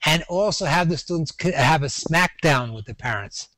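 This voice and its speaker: An older man with a Brooklyn accent, an educator chatting casually on a panel, quick to laugh and self-deprecating. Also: on the high side, expressive, over a noisy crowd. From New York. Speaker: educator and resource-page curator.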